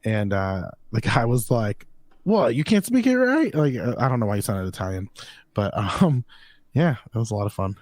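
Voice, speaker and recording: A man's voice: fairly low pitch, normal speed, a little mellow, dry recording. A man co-hosting a podcast in casual chat, joking and laughing as he rambles. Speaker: podcast co-host.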